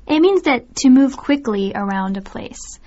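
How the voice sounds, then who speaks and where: A woman's voice: high-pitched, lively intonation, unhurried, dark tone, highs cut off. Agreeable female lesson co-host. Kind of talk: radio English lesson discussion.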